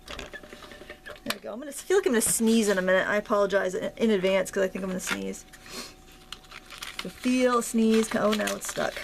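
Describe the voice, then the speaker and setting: A woman's voice: mid-range voice, moderate pace, vocal fry, pauses often, slight background noise. A woman with a Maine accent hosting a casual crafting tutorial, chatty and self-deprecating as she thinks aloud while working. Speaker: craft video host.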